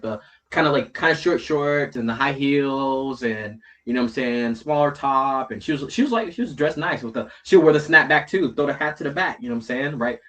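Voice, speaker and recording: A man with a bright, clear-toned voice tells a rambling anecdote in casual slang. He swears freely and uses many fillers. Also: mid-range voice. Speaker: guest. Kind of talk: casual chat.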